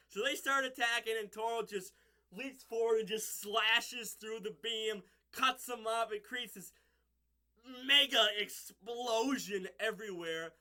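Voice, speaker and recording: A man's voice: sits high, measured pace, sharp tone. A man casually recapping and reviewing a show episode, rambling with lots of fillers and restarts and laughing at his own slips.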